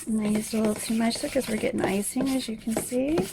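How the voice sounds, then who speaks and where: Hushed, gravelly-voiced woman in a noisy recording. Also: fairly high pitch, fairly even intonation, fast talker. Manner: hushed, half-whispered while others sleep; chatty and easygoing, with little asides. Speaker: craft tutorial host. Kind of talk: chatty step-by-step tutorial. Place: home at night. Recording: noisy home recording with clicks.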